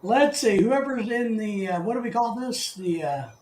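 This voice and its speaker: High-voiced chatty male stream host. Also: expressive, moderate pace, darkish tone. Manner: chatty, greets viewers by name, rambling. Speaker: livestream host. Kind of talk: casual live chat. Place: living in the Philippines. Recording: echoey room, faint background noise.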